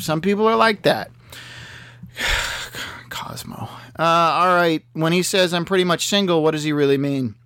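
A man with a fairly high, gravelly voice talks through a comedic monologue in a dry, halting way, stopping and restarting often. His voice is smooth and resonant, and the sound is close and dry. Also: lively intonation, bright, forceful tone, dry recording. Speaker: vlogger answering a magazine quiz.

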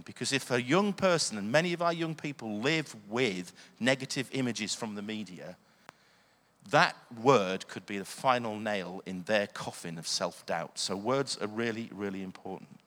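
A man's voice: on the low side, moderate pace, a bit bright. A man preaching a sermon, earnest, often asking the listeners questions. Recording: long hall reverb.

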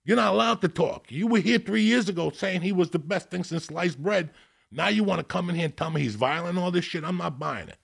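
Brief: man doing a blunt, profane courtroom judge, raised and raspy. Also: high-pitched, brisk, voice pushed up, exaggerated voice. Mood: scolding. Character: stern older male judge scolding in court.

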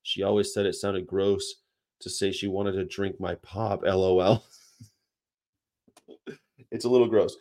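Low-voiced guy rambling on a stream, laughing a lot, reading chat. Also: little pitch movement, takes it slowly, pauses often, a little mellow. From United States. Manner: rambling, laughs often, mimics accents. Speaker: livestream host. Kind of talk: casual chat reading chat comments.

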